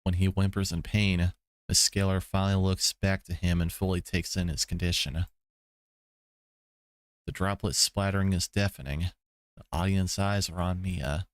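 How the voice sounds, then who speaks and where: A man's voice: low voice, steady tone, moderate pace, no room sound, studio quality. A man streaming a visual novel, reading the story aloud with laid-back commentary, swearing asides and chuckles. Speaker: let's play streamer.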